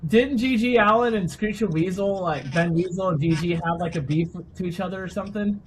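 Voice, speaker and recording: Man, slightly high pitch, laid-back casual chat, faint ambience. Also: a little fast, a little hiss or hum, poor audio. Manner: laid-back, brief reactions.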